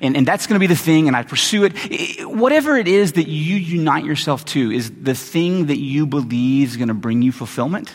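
A man preaching a sermon as pastor, in an animated, conversational way full of asides. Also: fairly high pitch, fairly quick, few pauses. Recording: long reverb of a large hall.

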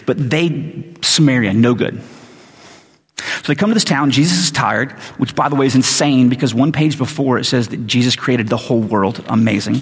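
A man's voice: mid-range voice, moderate pace, slightly rough. A man giving a sermon, retelling a story in a casual, conversational way with slangy asides. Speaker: preacher. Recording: long reverb of a large hall.

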